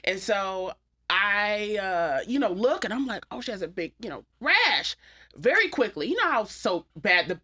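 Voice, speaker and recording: A young woman hosting a podcast, telling candid stories with animated delivery and blunt language. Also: medium pitch, moderate pace, breathy edge. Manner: candid, animated storytelling with profanity. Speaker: podcast host. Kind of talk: casual chat.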